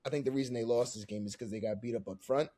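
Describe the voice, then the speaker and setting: A man's voice: very fast, a little hiss or hum. Fired-up young man talking football. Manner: emphatic, gets loud and high when worked up. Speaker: podcast co-host. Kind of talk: casual sports chat.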